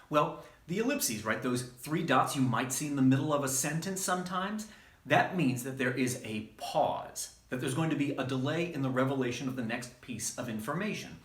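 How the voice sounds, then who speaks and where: A man, a wrestling trainer, giving a measured, emphatic instructional talk. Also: medium pitch, fairly bright tone. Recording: roomy echo.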